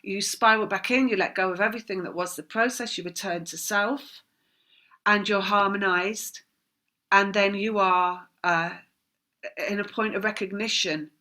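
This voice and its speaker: In a bright, clear, mid-range voice with a steady tone and moderate pace, a woman talks through a spiritual tarot reading. She drifts from thought to thought, repeats words in long chains, and now and then laughs at herself and apologizes for how she talks.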